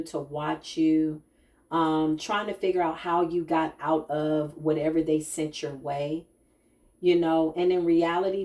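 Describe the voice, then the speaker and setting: A woman giving a casual spiritual tarot reading to her viewers, chatty and animated, often laughing and calling them y'all. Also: low voice.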